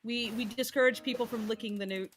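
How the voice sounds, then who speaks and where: A woman chatting eagerly on a charity stream call, nerdy and quick to laugh. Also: a little high, fairly even intonation. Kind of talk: casual stream chat.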